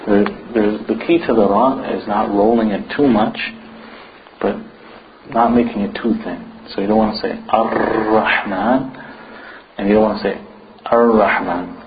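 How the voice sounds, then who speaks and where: A man's voice: on the low side, crowd noise. A man teaching a recitation class, patiently drawing out words to model pronunciation and giving frequent short praise. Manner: repeats words slowly and drawn out to model pronunciation. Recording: muffled lo-fi recording with steady background noise.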